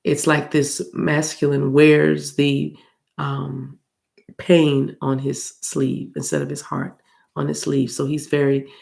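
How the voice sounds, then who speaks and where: A low-pitched American woman with a gravelly, fry-laden voice talks through a spiritual card reading. She rambles casually and chats warmly with her viewers, and allergies have roughened her voice. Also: little pitch movement, slow pace. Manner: chatty and rambling, addresses viewers as y'all, laughs often. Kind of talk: casual tarot reading chat.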